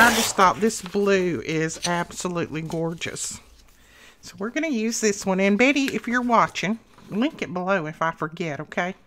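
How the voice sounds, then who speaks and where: A woman's voice: lowish voice, pushed and bright. Chatty woman demoing crafts. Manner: chatty, talks to viewers while working. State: out of breath. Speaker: craft channel host. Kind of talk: casual craft tutorial.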